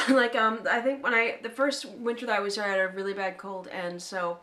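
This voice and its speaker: A woman's voice: medium pitch, flat delivery, brisk, bright, forceful tone. Playful chatty American woman. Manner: chatty and playful, laughs easily. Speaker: co-host. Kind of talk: casual chat.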